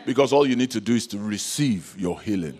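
A man's voice: lowish voice, animated, a little fast, darkish tone, husky, a faint crowd. Male preacher, call-and-response sermon, chuckles a lot. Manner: calls out to the congregation, rhetorical questions; laughs often between points.

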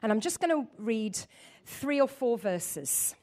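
A woman preaching a lively sermon, joking with her audience and acting out scenes. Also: fairly high pitch, measured pace. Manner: animated, laughing, acts out voices.

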